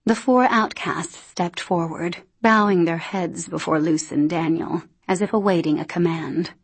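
A woman reads a novel aloud in a steady, deliberate way. Her voice is fairly low and breathy, and she takes her time. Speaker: audiobook narrator. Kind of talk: scripted narration.

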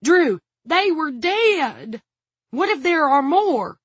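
Woman playing a shrill panicky ex-guard. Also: big pitch swings, takes it slowly, dry recording, full character voice. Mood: panicked. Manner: shrill, frantic pleading. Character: panicky pudgy male ex-prison guard.

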